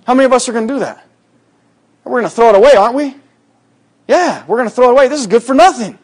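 High-voiced man preaching a sermon. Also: expressive, fast. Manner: conversational preaching, acts out quoted voices with sudden loud high bursts.

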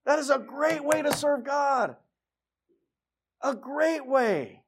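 A middle-aged man preaching a sermon in a church, emphatic and exhorting, with lively stories and asides. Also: very high-pitched, takes it slowly, creaky. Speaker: pastor. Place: church sanctuary.

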